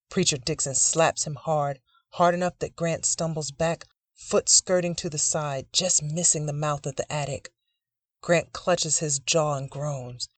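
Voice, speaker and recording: A narrator reads a dark literary short story at a measured, dramatic pace. The voice sits at a middle pitch. The recording is close and dry, with no room sound. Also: fairly even intonation, dry recording.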